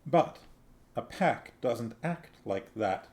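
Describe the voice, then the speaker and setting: A man's voice: medium pitch, lively intonation, takes it slowly, darkish tone. A man voicing a fierce female werewolf in wolf form, speaking in a raised, lecturing way.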